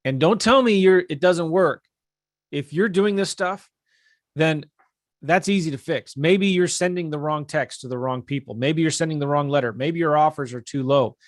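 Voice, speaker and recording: A man's voice: fairly high pitch, normal speed, dry recording, clean studio sound. A man teaching real estate investing on a live webinar, talking casually and energetically while he shares his screen. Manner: casual, energetic, talks straight to viewers.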